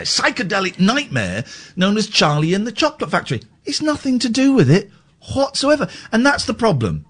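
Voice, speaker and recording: An English radio host in mock outrage, his voice swinging wildly up and down as he rants. He sits a little higher than most men, and he trips over restarts as he piles on the teasing. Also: breathy edge. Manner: animated, mock-outraged ranting with stammered restarts. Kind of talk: lively radio banter.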